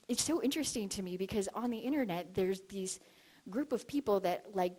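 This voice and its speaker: A woman giving a casual storytelling talk to an audience at an expo. She is chatty and giggly, fills her speech with "like", and acts out the conversations she describes. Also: medium pitch. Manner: animated, acts out quoted exchanges. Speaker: expo speaker on spiritual dowsing.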